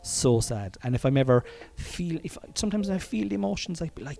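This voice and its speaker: A man with an Irish accent tells a story from his own life, casual and candid, swearing freely and chuckling between rambling asides. His voice is warm and mellow, at a mid pitch. Soft music plays faintly underneath. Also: big pitch swings, fast talker, vocal fry. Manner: frank and profane, often chuckling, rambling asides. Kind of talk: casual personal storytelling monologue.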